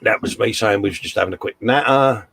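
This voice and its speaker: A man's voice: fairly low pitch, quick pace, creaky, fairly bright tone, husky, no echo. A man hosting a casual livestream, chatting and reading out comments in a jokey, rambling way. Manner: chatty, jokey, lots of "uh" and "mate". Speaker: livestream host.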